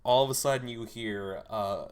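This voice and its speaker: Halting man running the game. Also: medium pitch, noisy background. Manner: halting, repeated starts. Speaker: game master. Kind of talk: casual tabletop game narration.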